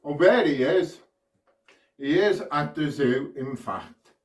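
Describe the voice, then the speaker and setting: A man's voice: fairly high pitch, expressive, takes it slowly, a little hiss or hum. A man from the UK doing a children's magic show, with chirpy, sing-song patter that invites kids at home to join in. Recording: echoey room, far from mic.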